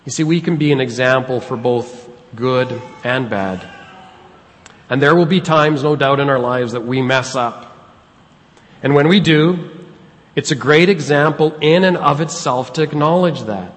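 A middle-aged man preaching a sermon as pastor, earnest and conversational, with pauses for effect. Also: medium pitch. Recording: long hall reverb.

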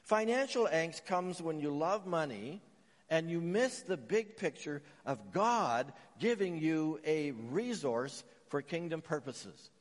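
A man from Canada delivers a sermon in an earnest, storytelling manner. His voice sits a little high, and his questions climb with emphasis. The words trail into a long reverb, as in a large hall. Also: lively intonation, slow. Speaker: pastor.

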